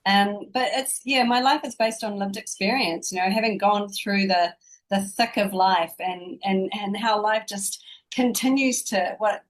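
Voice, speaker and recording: A woman in her fifties with a New Zealand accent, a spiritual teacher appearing as a guest, talks about her life in a casual interview chat. She speaks reflectively and fluidly with spiritual phrasing, in an unhurried mid-range voice. The recording is rough.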